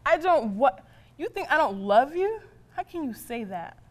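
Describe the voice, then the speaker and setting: A woman's voice: a little high, moderate pace, close to an everyday voice. An actress playing a stern but loving mother who scolds her teenage son in plain, colloquial speech. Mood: stern scolding. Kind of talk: drama acting.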